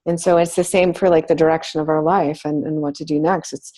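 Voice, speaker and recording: A woman hosting a spiritual talk, teaching in slow, deliberate, drawn-out phrases. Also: deep voice, fairly even intonation, mellow. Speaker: host.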